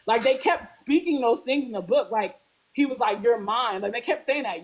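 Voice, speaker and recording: A woman talking casually as a guest, animated, acting out characters' lines and saying "like" constantly. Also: fairly quick. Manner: animated, acts out characters' lines with big pitch jumps; peppers speech with "like". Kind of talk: casual fan discussion.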